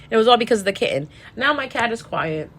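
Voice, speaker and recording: A woman's voice: a little high, expressive, fast, a bit bright, breathy edge. A tarot reader, a woman, talking casually and emotionally, sad and tearful, rambling and restarting her sentences. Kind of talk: casual storytelling monologue.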